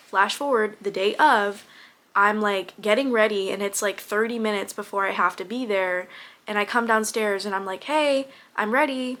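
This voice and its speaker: A woman's voice: medium pitch, a bit bright. A young woman casually telling a personal story straight to camera, candid, with lots of fillers and some swearing. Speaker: vlogger.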